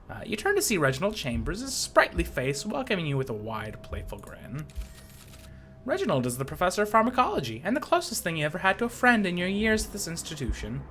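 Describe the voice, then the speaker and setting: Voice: mid-range voice, very animated, quick pace, fairly bright tone, soft background music. A game streamer reading a story game aloud with playful, self-mocking commentary and frequent laughter.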